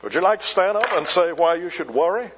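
A man preaching a sermon, slow and emphatic, repeating key words for weight. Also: high voice, lively intonation, long reverb tail, background noise. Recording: dull lo-fi recording.

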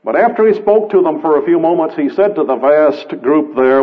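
A man's voice: on the high side, animated, moderate pace, few pauses. A man preaching a sermon, emphatic and building through repeated phrases. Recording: tinny radio broadcast, phone-like band.

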